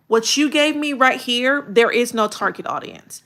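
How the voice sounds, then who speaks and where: Woman host critiquing videos live: bright, fairly high voice, blunt and colloquial. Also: moderate pace, few pauses. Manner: direct, colloquial, animated. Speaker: content creation coach.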